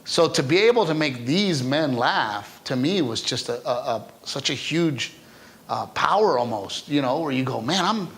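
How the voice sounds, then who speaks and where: A man, a stand-up comedian, telling stories in a casual interview, animated and chatty, often tagging his lines with "right?". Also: medium pitch, normal speed.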